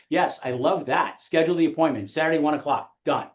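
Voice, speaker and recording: A man coaching real estate agents in a motivational training talk, firing rhetorical questions at the audience and acting out clients. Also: a little high. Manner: rapid-fire rhetorical questions, acts out clients. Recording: echoey, dull room sound.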